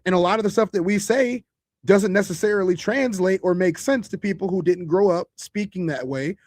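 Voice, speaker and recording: High-voiced Chicago man hosting a podcast. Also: a little fast, a little mellow, no echo, studio quality. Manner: conversational, loose, restarts. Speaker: podcast host. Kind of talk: casual monologue.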